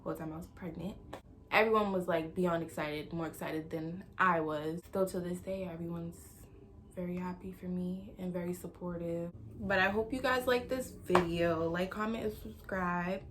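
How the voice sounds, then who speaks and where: A young woman in her late teens casually telling a personal story to her viewers, animated and slangy, acting out bits of dialogue. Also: lowish voice, normal speed, noisy background. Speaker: vlogger.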